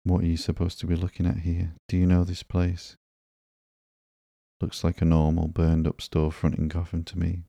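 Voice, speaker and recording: A man reading the lines of a sarcastic young woman antihero in a low-key, barely changed voice for a sleepy comic book reading. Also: monotone, moderate pace, creaky, dark tone, no echo, studio quality. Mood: glum.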